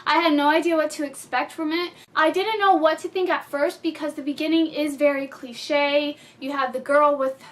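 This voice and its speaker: Talking like she's filling in friends, a bubbly woman gives a casual movie review, often breaking into giggles. Her bright, high voice holds a steady tone at normal speed with few pauses.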